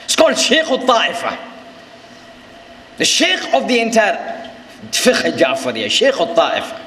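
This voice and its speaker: Male preacher, very high voice, fervent and emphatic, long hall reverb on the recording. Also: huge pitch swings, measured pace, slight background noise. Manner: impassioned, frequently rising to shouts, emphatic repetition. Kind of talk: sermon. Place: large hall with live audience.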